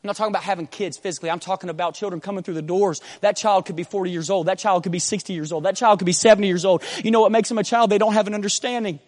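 A man preaching a sermon with passion, often building from a hushed tone to shouting and using repeated rhetorical questions. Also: high-pitched, fairly even intonation, rapid-fire, few pauses. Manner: impassioned, rises to shouting.

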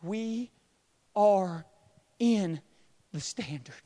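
A young man preaching a sermon in a church, swinging from hushed, quiet passages to loud, impassioned pleading. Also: high-pitched, expressive, extremely slow. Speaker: pastor. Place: church sanctuary.

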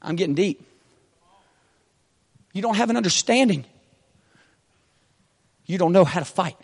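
A man preaching a sermon with passion, often building from a hushed tone to shouting and using repeated rhetorical questions. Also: high voice, animated, measured pace, breathy edge. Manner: impassioned, rises to shouting.

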